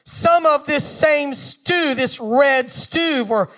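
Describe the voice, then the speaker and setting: A man's voice: extremely high pitch, takes it slowly, fairly bright tone, full character voice. A man voicing a hungry, impulsive young man begging for food within a sermon. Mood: weary.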